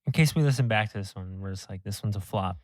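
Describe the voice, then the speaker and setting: A man's voice: fairly low pitch, fast talker, no echo. A young man co-hosting a podcast in casual chat, teasing the others and laughing often. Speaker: podcast co-host.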